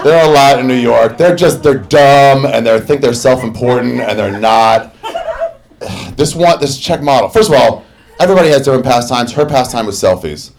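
A man's voice: medium pitch, animated, moderate pace, gravelly, slight background noise. Crude, sarcastic male stand-up comic. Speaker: stand-up comedian. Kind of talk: stand-up storytelling.

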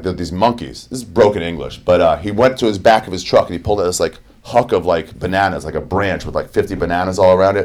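A young adult man doing a crude, sarcastic and energetic stand-up story. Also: low-pitched. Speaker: stand-up comedian.

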